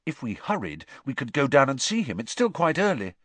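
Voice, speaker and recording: A man's voice: mid-range voice, big pitch swings, fairly quick, fairly bright tone, no room sound, voice pushed up. Ron, a man doing a gloomy teenage boy. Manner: worried, gloomy.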